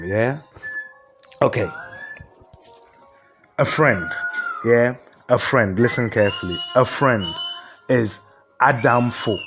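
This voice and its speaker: A man with a Ghanaian accent giving a comic mock lecture, explaining word by word and asking rhetorical questions. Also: mid-range voice. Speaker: comedian.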